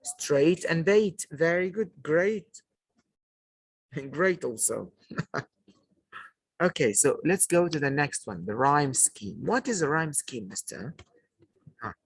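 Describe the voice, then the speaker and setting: A man's voice: a little high, big pitch swings, a bit bright, husky, dry recording, rough recording. A man teaching a poetry lesson to a class, asking questions and praising the answers, and repeating key points. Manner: slow, repetitive teaching delivery.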